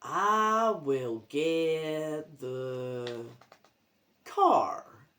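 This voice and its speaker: A Scottish woman voicing a blank-eyed zombie grandfather who mumbles slowly and low. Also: animated, a bit bright, full character voice.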